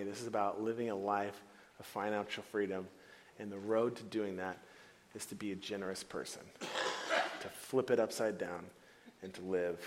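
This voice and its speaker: Playful animated male pastor preaching. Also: lowish voice, a little hiss or hum. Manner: animated, playful, acts out quoted voices. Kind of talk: sermon. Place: church hall before a congregation.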